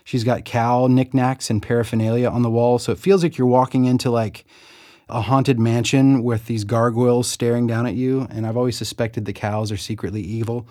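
Here a middle-aged Southern US man, an author, talks about making his audiobook in a reflective interview monologue, chatty and self-deprecating with small laughs. His mid-range voice is level, a little mellow, and at normal speed, recorded in clean studio sound with no room sound.

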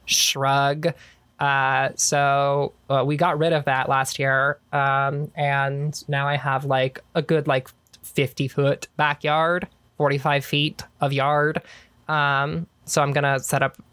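A woman's voice: rumbling low, level tone, slow, a bit bright, clean tone, no echo. A young adult woman co-hosting a casual chat, telling stories animatedly, laughing often and swearing freely. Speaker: podcast co-host.

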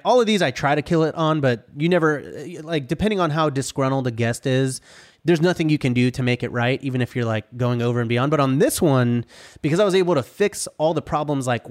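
A man talking casually on a podcast, telling stories about his rental cabins. He is animated and filler-heavy, slipping into the voices of guests and workers as he goes. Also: mid-range voice. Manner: animated, says dude and like a lot, acts out quotes. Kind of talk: casual chat, storytelling.

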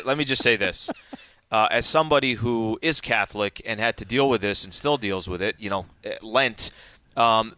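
A man's voice: fairly low pitch, sharp tone, no echo. A man co-hosting a radio show, joking and emphatic in casual banter. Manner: playful, emphatic, repeats himself.

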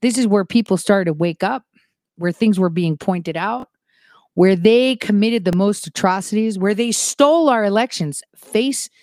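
A woman giving a casual political monologue as an online commentator, animated, moving from soft asides to emphatic rises. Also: medium pitch, moderate pace, no room sound, clean studio sound.

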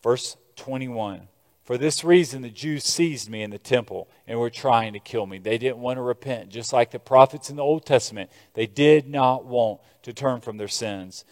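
An American man preaching a sermon as a pastor, moving between quiet scripture reading and loud, emphatic exhortation. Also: mid-range voice, normal speed. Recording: long reverb of a large hall.

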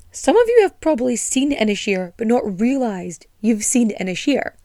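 Sweary, animated Irish woman podcaster. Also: a little high, dry recording, studio quality. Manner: sweary, sarcastic, ranting; animated and indignant. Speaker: podcast host. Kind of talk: casual storytelling podcast.

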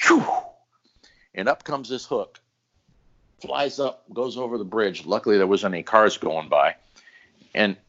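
Low-voiced, animated male storyteller in a casual podcast, muffled lo-fi sound. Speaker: guest storyteller.

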